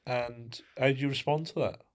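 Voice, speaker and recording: A man's voice: mid-range voice, fairly even intonation, normal speed. A man co-hosting a casual podcast, talking indignantly and asking rhetorical questions. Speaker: podcast co-host.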